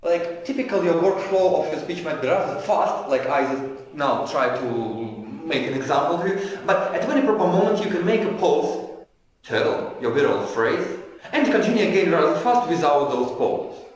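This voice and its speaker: A male trainer giving an online lecture. He explains as he goes, often stops to restart a phrase, and demonstrates changes of pitch and pace with his own voice. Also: big pitch swings. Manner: halting, frequent restarts. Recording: echoey room, dull lo-fi sound.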